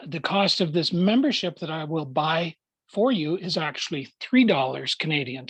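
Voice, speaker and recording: A man giving a formal prepared speech to a club over a video call, measured and deliberate, with emphatic pauses. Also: on the high side, husky, dry recording, low-quality recording. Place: at home, joining remotely.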